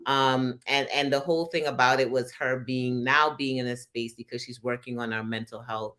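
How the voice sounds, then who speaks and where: A woman hosting a casual online call. She talks in an animated, rambling way with frequent laughs and restarts. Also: a bass voice, normal speed. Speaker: host. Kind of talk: casual livestream talk. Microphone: video call.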